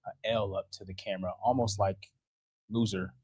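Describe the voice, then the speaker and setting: A man's voice: on the low side, fairly even intonation, moderate pace, a little mellow, breathy edge, dry recording. A young man giving a casual live-stream weather update from a TV studio, chatty and laughing often as he works the radar. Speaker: TV meteorologist. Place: TV station studio.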